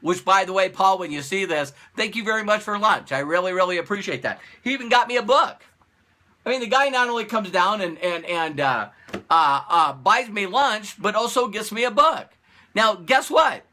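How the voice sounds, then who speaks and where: A man giving a casual motivational talk to camera as a business coach, animated and repeating phrases and rhetorical questions. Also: high-pitched, normal speed.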